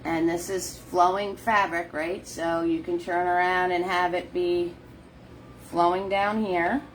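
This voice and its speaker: Middle-aged woman, unhurried and chatty; live painting host who laughs easily and greets her viewers. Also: lowish voice, flat delivery, a little hiss or hum. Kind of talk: casual live painting instruction.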